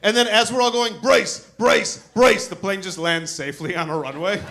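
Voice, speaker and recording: A man performing a stand-up comedy set on a club stage, telling a story in an animated way and acting out other people's voices. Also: high voice, fast talker, a little hiss or hum. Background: audience laughter.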